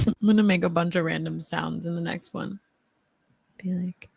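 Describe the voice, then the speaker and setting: A woman's voice: on the low side, fairly even intonation, normal speed, vocal fry, long pauses, a little mellow, husky, no room sound. A woman hosting a casual live-stream chat who is playful, laughs often and swears casually, speaking into a mic on a stand. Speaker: host.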